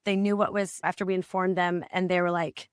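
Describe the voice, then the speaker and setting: A woman's voice: lowish voice, flat delivery, brisk, clean tone, no room sound, studio quality. A woman in her forties, a parent coach, telling her family's story in an interview with earnest feeling and acting out the remembered dialogue. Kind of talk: candid personal storytelling in a podcast interview.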